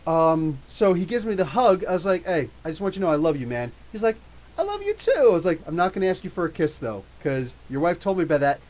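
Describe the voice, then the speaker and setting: A man hosting a live podcast, telling an excited story with quoted dialogue in a casual, animated way. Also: fairly high pitch, quick pace, few pauses, low-quality recording. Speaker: podcast host.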